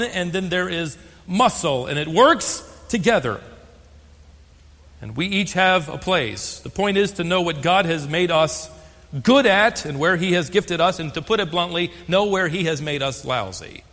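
An older American man preaching a sermon as pastor, stressing key words and slowing for emphasis. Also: high voice, animated, fairly bright tone, in a large hall. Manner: emphatic, slows on key phrases.

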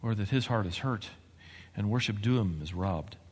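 A man preaching a sermon as pastor, moving between quiet, measured passages and excited, emphatic bursts. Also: on the low side, slightly rough. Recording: long hall reverb.

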